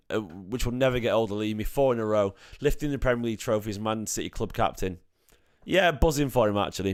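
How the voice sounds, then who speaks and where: Hoarse, excitable male football fan. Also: mid-range voice, no echo, studio quality. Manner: excitable, emotional, repeats phrases. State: slightly hoarse from singing. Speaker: fan channel host. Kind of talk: live-stream fan chat.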